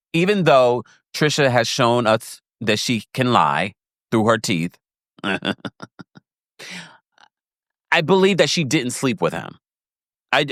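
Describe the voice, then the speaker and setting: A man giving a casual, animated recap of a reality show, laughing often and acting out quotes in a higher voice. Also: dry recording, clean studio sound. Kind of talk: casual commentary.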